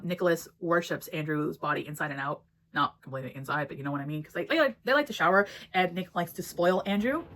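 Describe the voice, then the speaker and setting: A woman's voice: lowish voice, a bit bright. A woman giving a casual book review, blunt and swearing freely as she retells the story and acts out the characters' lines.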